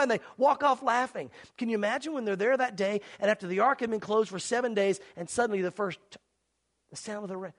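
A man's voice: high voice, fast. A man preaching a sermon, dramatic at times, acting out scenes and pleading earnestly with his listeners. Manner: dramatic, acts out mocking crowds and shouts; earnest, pleading altar call. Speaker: pastor.

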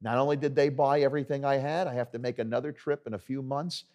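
A man's voice: medium pitch, fairly even intonation, quick pace, a little mellow, close to an everyday voice. A man voicing an earnest male travelling salesman telling his story plainly. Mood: pleased.

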